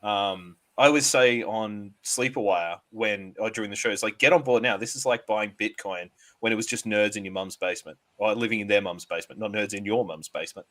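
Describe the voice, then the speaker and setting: A man as a guest in a casual interview chat, relaxed and hesitant, with many fillers. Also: on the low side, a little fast, few pauses.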